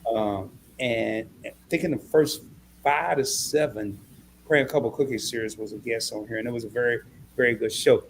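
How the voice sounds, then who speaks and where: A man hosting a live-stream interview, who gets excited and reads viewer comments aloud as he talks. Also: medium pitch, normal speed, slight background noise.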